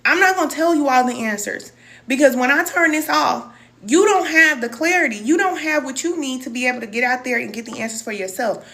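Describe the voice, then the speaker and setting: Addressing her live-stream audience as cousin, a middle-aged spiritual wellness teacher reads their comments and speaks casually and with feeling. Her voice is high-pitched, a bit bright, and fairly quick.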